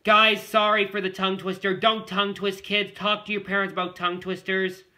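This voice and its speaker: A male vlogger with a high voice talks straight to his viewers in a loose, rambling way. He circles back over the same points again and again. His tone is strikingly bright and sharp. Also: flat delivery, fairly quick. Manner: rambling and repetitive, often addressing the viewers. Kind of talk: casual talk to camera.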